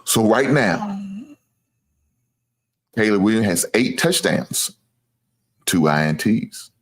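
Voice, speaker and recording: Taking it slowly, a man with a lowish voice and lively intonation hosts a sports show. He trash-talks in a casual rant to viewers, boastful and teasing, swearing freely and amused by his own jokes.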